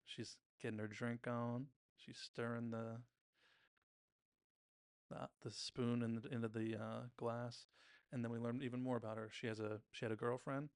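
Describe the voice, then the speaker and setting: Male podcast host, gravelly voice, chatty TV-recap delivery, dry close mic. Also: medium pitch, flat delivery, normal speed, no room sound. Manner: chatty, retells scenes by briefly mimicking characters' lines. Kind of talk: casual episode recap commentary.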